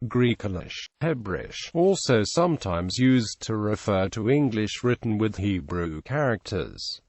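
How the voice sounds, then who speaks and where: A man narrating an encyclopedia article aloud, reading through a long list at an even cadence. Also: fairly low pitch, measured pace, dry recording.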